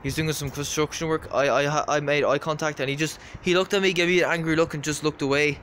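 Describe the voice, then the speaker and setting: A man's voice: fairly high pitch, fairly even intonation, quick pace, a bit bright, a little hiss or hum. Rambling Irish man telling a story. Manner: rambling, repetitive, many fillers. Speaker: vlogger. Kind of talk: casual storytelling.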